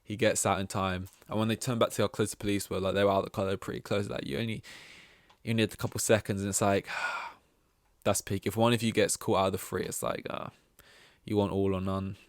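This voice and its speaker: Rambling young man with a low voice. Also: flat delivery, fast talker, dry recording, studio quality. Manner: meandering, self-interrupting, casual. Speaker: podcast host. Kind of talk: rambling solo podcast.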